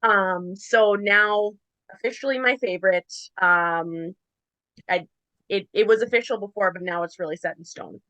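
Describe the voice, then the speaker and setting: A woman's voice: medium pitch, moderate pace, a bit bright, dry recording, rough recording. A woman co-hosting a podcast, chatting in a gushing, loose way full of "like". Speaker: podcast co-host. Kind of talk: casual podcast chat.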